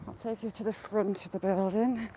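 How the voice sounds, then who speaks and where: It's a casual walk-and-talk live stream: a woman strolls through a village holding her phone, chatting away, welcoming viewers by name and showing things along the way. She has a mid-range voice, normal speed and fairly even intonation, with a Northern English accent mixing Yorkshire and Geordie. You can hear crows and a faint outdoor background.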